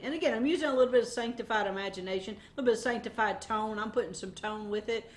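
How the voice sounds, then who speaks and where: A woman teaching a weekly Bible devotion in a conversational, animated way, often pausing on fillers. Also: on the high side.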